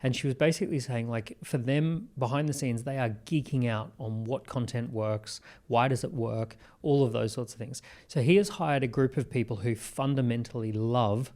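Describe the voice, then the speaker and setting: Animated Australian man telling business stories. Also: mid-range voice. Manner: animated storyteller, quick asides and restarts. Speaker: podcast guest, entrepreneur. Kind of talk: conversational interview.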